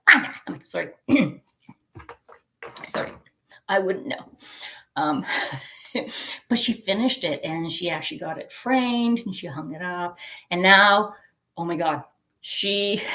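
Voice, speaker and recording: A middle-aged woman hosts a relaxed live chat, talking slowly and taking her time between thoughts. Her voice sits a little low for a woman, and she giggles easily while reading out viewers' messages. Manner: chatty, giggly, reads viewer comments aloud. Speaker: livestream host.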